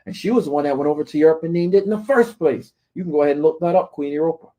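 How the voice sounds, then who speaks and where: A man's voice: on the high side, rapid-fire, dark tone. A man ranting at his critics, scolding and taunting them and often asking "right?". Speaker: commentator. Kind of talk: confrontational rant to camera.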